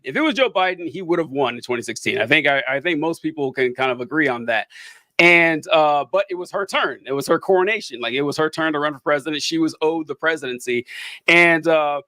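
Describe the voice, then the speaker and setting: A man's voice: fairly high pitch, lively intonation, fast, bright, forceful tone, no room sound. A man co-hosting a podcast, talking politics casually, rambling with fillers and sarcastic asides. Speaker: podcast co-host.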